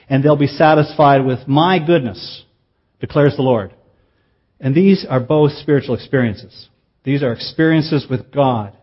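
A man's voice: medium pitch, husky. Earnest male preacher, slightly muffled. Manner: earnest, measured, slows for emphasis. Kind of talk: sermon.

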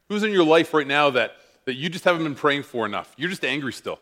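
Animated man telling a sermon story. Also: fairly high pitch, fast talker, hardly any pauses. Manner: animated, self-mocking storyteller. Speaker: pastor.

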